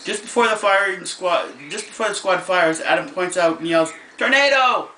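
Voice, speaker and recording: A man telling jokes in a casual vlog, halting and restarting often as he goes. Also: high-pitched, steady tone, pushed and bright. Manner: hesitant, halting delivery with many restarts. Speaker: vlogger. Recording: echoey room with faint background noise.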